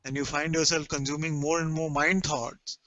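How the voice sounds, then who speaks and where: A man leading a satsang, speaking slowly and emphatically as a spiritual teacher who gently repeats his points. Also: on the high side, little pitch movement, no echo, lo-fi sound. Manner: slow, emphatic, gently repetitive.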